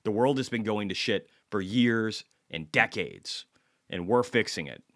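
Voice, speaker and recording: A man's voice: on the low side, a little slow. A man hosts an informal video about stocks and the economy. He speaks bluntly and swears freely, sometimes stopping to apologize for drifting off topic. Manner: blunt and profane, apologizes for tangents. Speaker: market commentary host. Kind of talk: casual market commentary vlog.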